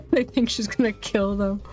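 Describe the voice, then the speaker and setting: A woman's voice: mid-range voice, takes it slowly, a little mellow, soft background music. A woman streaming a horror game, chatting casually and snacking between her remarks. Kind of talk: casual let's-play commentary.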